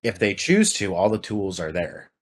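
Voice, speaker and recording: A man's voice: low voice, very animated, normal speed. A Canadian man co-hosting a podcast, chatting casually with lots of fillers and restarts. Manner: rambling, many fillers and restarts. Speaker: podcast co-host. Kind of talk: casual chat.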